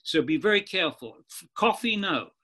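Bright-voiced Australian man explaining. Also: sits high, lively intonation, fairly quick. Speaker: guest expert. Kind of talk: conversational podcast interview.

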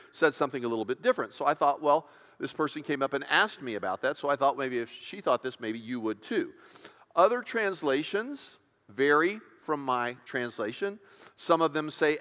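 Conversational pastor preaching in a hall. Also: male voice, on the high side, a bit bright. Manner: conversational, emphatic, checks in with listeners. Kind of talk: sermon. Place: church sanctuary.

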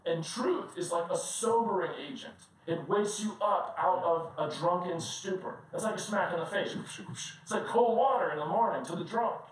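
A male pastor with a fairly high voice preaches in a large, strongly echoing church hall, heard from some way off the mic. He talks in a loose, animated, story-driven way, often chuckling through his own anecdotes. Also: moderate pace. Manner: conversational, animated, often laughing while telling stories. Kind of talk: sermon with personal storytelling. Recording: very echoey room, distant mic, faint noise.

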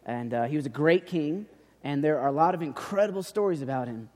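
A man with a high voice preaches in a relaxed, chatty way, stumbling over and repeating his words. He retells the story with quick put-on voices. His voice carries a long reverb, as from a large hall. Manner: chatty, repeats words and restarts, acts out quoted speech. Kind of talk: casual sermon.

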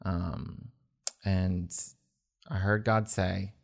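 A man telling his personal faith story in an earnest, halting way, with many restarts. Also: sits low, level tone, creaky. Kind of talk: personal testimony in conversation. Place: indoors at a table.

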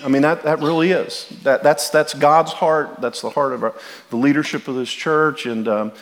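A man's voice: a little high, fairly even intonation, moderate pace. A middle-aged man preaching a sermon as pastor, earnest and direct, often repeating and restarting his words as he speaks to the congregation. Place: church sanctuary. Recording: long hall reverb.

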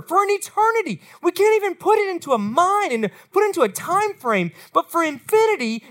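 A woman, preaching as a youth pastor to middle school students and speaking straight to them. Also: high-pitched. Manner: animated, talks straight to the students.

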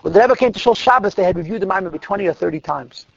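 A man telling a story to a group of girls, vivid and dramatic, dropping to a hush at tense moments, in a dull, dry recording. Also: high-pitched, expressive, very fast, gravelly, dry recording. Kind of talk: animated storytelling talk.

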